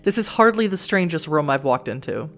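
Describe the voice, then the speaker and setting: A woman voicing a poised, cultivated man with dry reserve, in a measured and calmly wry way, while reading a text game aloud. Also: deep voice, faint music behind.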